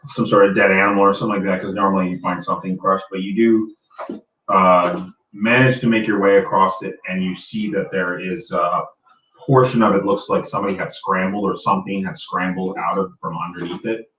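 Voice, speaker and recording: A man's voice: low-pitched, fairly even intonation, brisk, fairly bright tone. A man narrating as dungeon master in a loose, hesitant way, full of fillers. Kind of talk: narrating a tabletop game. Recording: roomy, distant, muffled, noisy.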